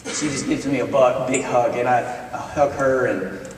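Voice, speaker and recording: A man's voice: mid-range voice, steady tone, a little slow, slight background noise. A male minister preaching a sermon, telling a personal story in a conversational, earnest way with touches of self-deprecating humor. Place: college chapel. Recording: echoey chapel from far off.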